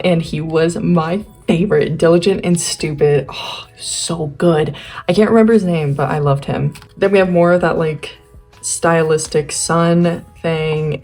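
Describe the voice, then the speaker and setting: With a fairly low pitch, darkish tone, and noticeable vocal fry, a young woman chats casually while flipping through old sketchbooks. She gushes over them in a giddy, rambling way, her voice a little worn.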